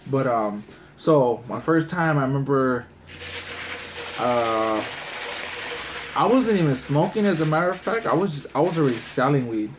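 A man's voice: mid-range voice, expressive, normal speed, long pauses, noisy background. A man telling a rambling, profane story in street slang, acting out his friends' voices. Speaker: storyteller in a mukbang video. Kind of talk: casual storytelling.

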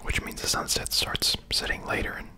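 A young man whispering a rambling ASMR chat while chewing gum. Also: normal speed. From England. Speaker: ASMR creator. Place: home room, lights turned down. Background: rain outside.

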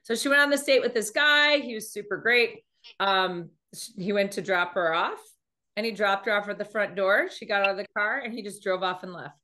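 Woman, dating coach, motivational talk, expressive storyteller who acts out quotes. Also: mid-range voice, brisk.

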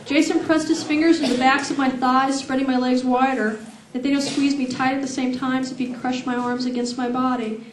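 Woman author, live reading, slightly high voice, roomy echo. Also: a little fast, recorded from a distance, a little hiss or hum. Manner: steady reading with laughing asides to the audience. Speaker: author reading her novel. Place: event room with audience. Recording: echoey event room.

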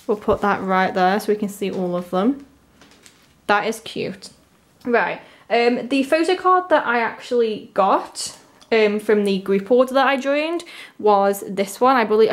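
A young woman with a somewhat high voice unboxes an album in casual, chatty talk. She gushes freely, sprinkles in "like" fillers, and squeals with delight over a lucky pull. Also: animated, moderate pace. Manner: chatty, gushing, many "like" fillers.

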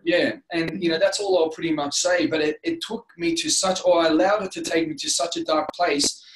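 A man's voice: fairly high pitch, animated, fairly quick. Earnest Australian man, roomy echo. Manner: earnest, rambling, many restarts and "you know". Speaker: interview guest. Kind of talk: candid personal storytelling.

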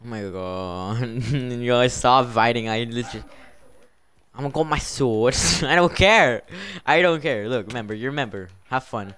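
A man's voice: mid-range voice, unhurried, fairly bright tone, smooth. Exasperated streamer man, scolding and laughing. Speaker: livestreamer running a Minecraft server. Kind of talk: casual live-stream commentary.

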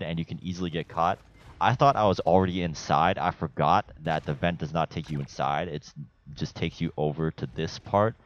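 A young man with an extremely deep, low voice talks through a video game walkthrough in a relaxed, rambling way, dropping casual swears as he goes. The recording is dull and lo-fi, like a cheap voice-over mic. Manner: laid-back and chatty, swears casually, rambles with fillers. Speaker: gameplay guide narrator. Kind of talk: casual gameplay walkthrough commentary.

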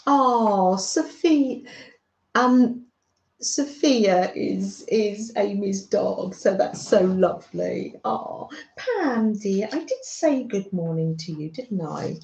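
Slow, gentle British woman on a stream. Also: mid-range voice, animated, vocal fry. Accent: British English. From Britain. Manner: soft, motherly, chatting to viewers with frequent little laughs. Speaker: craft livestream host. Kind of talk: gentle chatty livestream. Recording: roomy, slightly dull home stream audio.

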